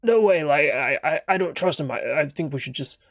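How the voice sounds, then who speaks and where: A man's voice: a little high, animated, fairly quick, creaky, no room sound, studio quality, full character voice. A man voicing a distrustful woman lookout who challenges a stranger. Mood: suspicious. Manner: suspicious, sharp.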